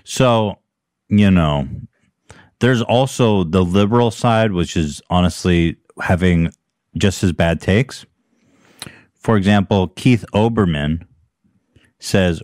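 A man's voice: sits low, slow pace, long pauses, a little mellow, no room sound, clean studio sound. A man hosting a casual comedy chat, rambling and profane with frequent self-interruptions.

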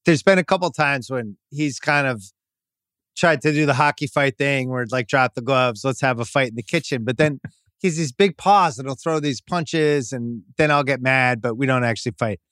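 A man's voice: mid-range voice, moderate pace, fairly bright tone, clean tone, dry recording, clean studio sound. A man co-hosting a casual sports podcast, talking bluntly and swearing freely. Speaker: podcast co-host.

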